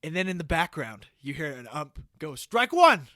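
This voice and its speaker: A man on a podcast pitching a movie idea like a comic storyteller, checking in with "okay?" after almost every phrase. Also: brisk, fairly bright tone, no echo, clean studio sound. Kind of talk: casual comedic pitch.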